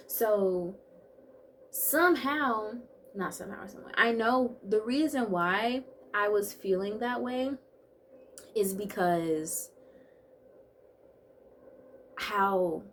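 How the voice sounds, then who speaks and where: A woman in her twenties vlogging in a chatty, bubbly way, full of quick asides and playful self-talk. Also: medium pitch, a little hiss or hum. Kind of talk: casual chat to camera.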